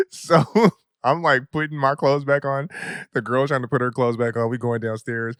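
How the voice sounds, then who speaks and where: A young adult man hosting a podcast, telling a comedic story in a loose, profane, animated way with lots of laughter. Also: medium pitch, moderate pace, clear, resonant tone, dry recording, clean studio sound. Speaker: podcast host.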